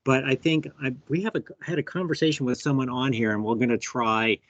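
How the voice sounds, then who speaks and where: A man's voice: medium pitch, steady tone, brisk, a bit bright, no echo. A man hosting a live bee workshop on a video call, chatty and thinking aloud as he shows specimens. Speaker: workshop host. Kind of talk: live online workshop teaching. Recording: dull, dry video call audio.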